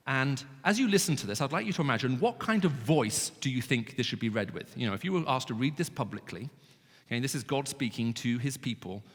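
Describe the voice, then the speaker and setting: A man giving an expressive talk to students, his voice rising sharply when pleading. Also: medium pitch. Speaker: Christian speaker. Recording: reverberant hall.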